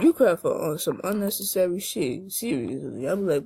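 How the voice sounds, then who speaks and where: A young woman, in casual teasing banter with a friend, loud and playful. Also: lowish voice, lively intonation, brisk, vocal fry, hardly any pauses, slightly rough. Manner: playful, loud, whining hums.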